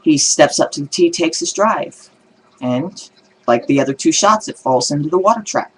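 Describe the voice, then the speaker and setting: Man telling jokes, animated storyteller. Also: on the high side, normal speed, a little hiss or hum, rough recording. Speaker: video blogger telling jokes. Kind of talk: casual joke telling.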